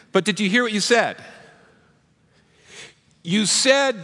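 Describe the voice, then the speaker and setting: Bright-voiced male pastor preaching in a hall. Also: sits high. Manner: conversational preaching, rhetorical questions. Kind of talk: sermon.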